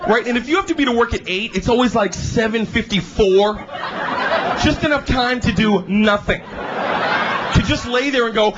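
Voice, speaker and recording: A male stand-up comedian doing a lively routine, animated and shouting at times, slipping into high put-on voices. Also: normal speed, very noisy. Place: comedy club stage. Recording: dull live club recording, audience. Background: audience laughter.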